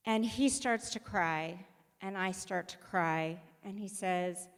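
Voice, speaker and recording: In a sermon told as personal storytelling, a woman rabbi speaks slowly and conversationally with a medium-pitched, clean voice. She gives voice to the people she quotes, and the synagogue sanctuary adds the long reverb of a large hall.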